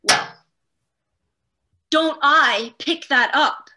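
Talk as a middle-aged woman on a podcast: keep it bright and a little high, spilling stories with self-mocking energy. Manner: animated storyteller, talks fast in bursts, self-deprecating. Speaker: podcast guest. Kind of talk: casual conversation.

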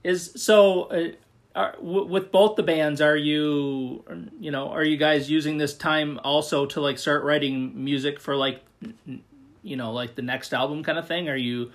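A man hosting a casual interview, asking questions in a halting way full of fillers. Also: fairly high pitch, fairly even intonation. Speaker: interviewer, show host.

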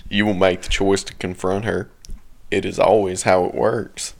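A man's voice: sits low, level tone, moderate pace, gravelly. A man reading a creepy story aloud to friends in a casual chat, often breaking into laughter as he reads. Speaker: story reader among friends.

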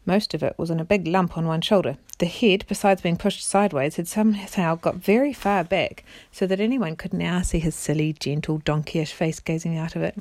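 A parent reading a children's storybook aloud in a steady narrating voice, with small stumbles and the odd throat-clear. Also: female voice, on the low side, moderate pace, hardly any pauses, dry recording.

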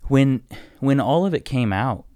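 A man co-hosting a podcast, speaking in a measured, reflective and slightly halting way. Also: mid-range voice, dark tone, dry recording. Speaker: podcast co-host. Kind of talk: casual conversation.

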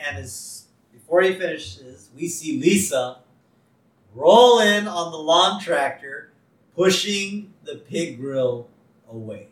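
A man with a somewhat high voice chats casually on a podcast, laughing easily as he narrates scenes. He sits off the mic, and the room adds a noticeable echo. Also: lively intonation, slow pace, distant mic. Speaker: podcast co-host. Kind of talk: casual chat recapping a cartoon episode. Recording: roomy sound, a bit off mic.

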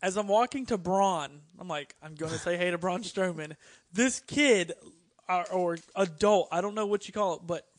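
A man co-hosting a casual podcast, telling an animated story and acting out what people said. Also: high voice, moderate pace, no room sound. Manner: animated storyteller who acts out quotes. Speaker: podcast co-host.

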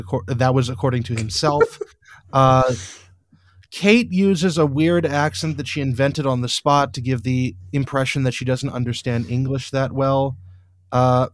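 A man's voice: medium pitch, dry recording, clean studio sound. A man hosting a casual podcast, recapping an episode in a rambling, wry way with lots of fillers and restarts. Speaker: podcast host.

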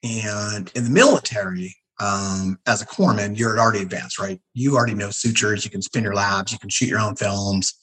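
A man's voice: lowish voice, normal speed, few pauses, poor audio. A middle-aged man speaks as an interview guest, telling his stories casually. His voice rises and falls a lot as he acts out what other people said. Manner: animated, acts out quoted people. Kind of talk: casual storytelling.

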